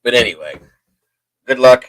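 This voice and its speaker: A man's voice: mid-range voice, animated, normal speed, dry recording, rough recording. A man hosting a livestream from home, telling a story in a hyper, rambling way with chatty asides to his viewers. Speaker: livestream host. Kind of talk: casual storytelling to a live chat.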